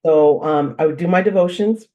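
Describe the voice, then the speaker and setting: A woman as the expert guest on a parenting interview, telling animated stories, repeating phrases for emphasis and laughing as she talks. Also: low-pitched, normal speed, narrow, tinny audio. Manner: laughs while talking. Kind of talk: conversational interview.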